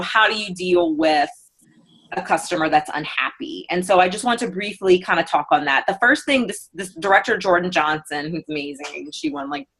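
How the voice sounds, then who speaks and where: A woman's voice: fairly low pitch, a bit bright. A woman giving a casual customer care training on a video call, chatty and full of fillers, acting out customer messages. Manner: chatty, many fillers, acts out customer quotes. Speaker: book sales consultant leading a team training.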